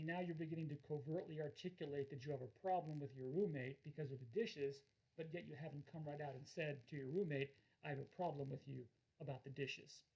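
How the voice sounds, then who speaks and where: A man's voice: a little high, a little mellow, breathy edge, poor audio. A man lecturing in a recorded course, explaining ideas through everyday examples and acting out the quoted lines.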